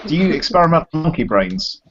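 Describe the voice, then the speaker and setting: A man with a mid-pitched, very animated voice jokes through a relaxed chat, laughing easily. The call audio is muffled and lo-fi. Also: brisk, over a noisy crowd. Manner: playful, joking, laughs easily. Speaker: podcast co-host. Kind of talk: casual chat.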